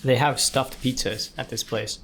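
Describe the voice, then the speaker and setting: A young man, co-hosting a casual podcast chat, chatty and quick to laugh. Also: mid-range voice, steady tone, fairly bright tone. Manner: chatty, giggly, talks with mouth full. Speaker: podcast co-host.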